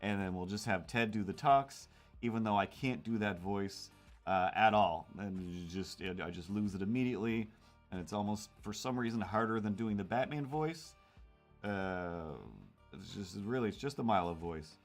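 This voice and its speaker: A man's voice: lowish voice, moderate pace, soft background music. A man hosting a casual drawing livestream, rambling and self-mocking as he chats with viewers. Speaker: cartoonist streamer.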